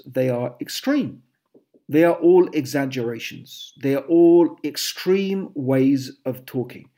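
A man's voice: on the high side, warm tone. A man giving a sermon, dramatic and emphatic, reeling off lists of exaggerated phrases. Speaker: Muslim preacher. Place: England.

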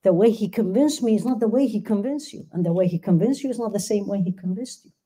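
Woman, religious class teacher, very dark tone, husky, emphatic, quizzes the class. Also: mid-range voice, quick pace. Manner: asks the class questions, emphatic, recites verses. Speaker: Quran teacher.

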